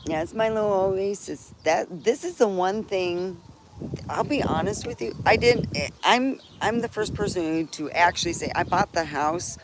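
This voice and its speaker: A woman's voice: mid-range voice, unhurried. Rambling cheerful woman outdoors. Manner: rambling and cheerful, with frequent laughs and restarts. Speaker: live-stream host. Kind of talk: casual live-stream chat. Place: outdoors in a backyard under a tree. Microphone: phone live stream. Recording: noisy outdoor phone stream. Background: birds and chickens around.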